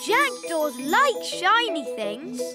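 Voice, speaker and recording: A woman's voice: extremely high pitch, very animated, slow, exaggerated voice. A woman voicing a small, brave boy elf who talks in a helpful, modest and boyish way. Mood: confident. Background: children's music.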